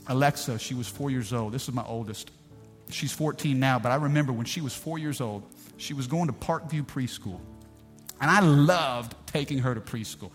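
Animated middle-aged preacher in a reverberant hall. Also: male voice, mid-range voice, moderate pace. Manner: animated, folksy, rhetorical questions. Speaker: pastor. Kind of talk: live sermon storytelling. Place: church sanctuary. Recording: reverberant hall, faint music.

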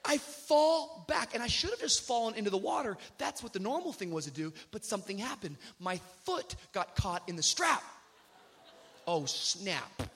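High-voiced man preaching with comic flair. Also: moderate pace, slight background noise. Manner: animated storyteller, acts out shouted quotes. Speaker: pastor. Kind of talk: sermon with comic storytelling.

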